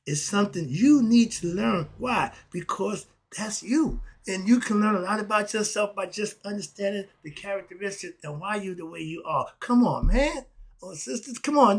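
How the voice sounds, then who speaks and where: Man, husky and slightly high-pitched, emphatic casual lecturer. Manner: emphatic, repetitive rhetorical questions, laughs often. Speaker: philosophy vlogger. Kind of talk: casual preaching monologue.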